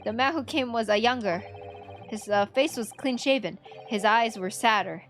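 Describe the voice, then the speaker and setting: A woman's voice: on the high side, normal speed, fairly bright tone, soft background music, lightly acted. A woman voicing a curt, bossy male gang boss who speaks dismissively.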